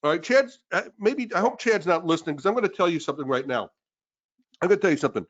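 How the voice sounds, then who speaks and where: A man with a high-pitched voice co-hosts a live webinar sales pitch. He persuades emphatically, circling back over the same points again and again. The recording sounds dull and lo-fi. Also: lively intonation, fast. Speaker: webinar co-host.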